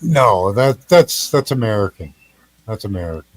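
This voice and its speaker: A man in a live stream chat, speaking flatly and matter-of-factly. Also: lowish voice, moderate pace, no echo, low-quality recording.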